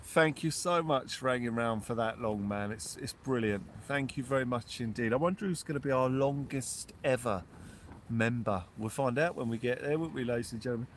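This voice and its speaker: A man hosting a live fishing stream outdoors on the shore at night, giving excitable commentary and thanking his supporters one by one. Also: mid-range voice, moderate pace. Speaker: fishing livestream host.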